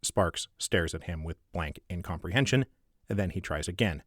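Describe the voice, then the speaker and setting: Give me a low, dry-sounding man narrating the stage directions of his screenplay in a wry, measured table-read style. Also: expressive, dry recording. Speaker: author reading his own script.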